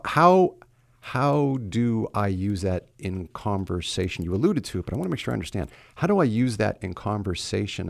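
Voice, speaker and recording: A man's voice: low-pitched, creaky, no echo, studio quality. A man hosting a podcast interview, asking long, winding questions. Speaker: podcast host.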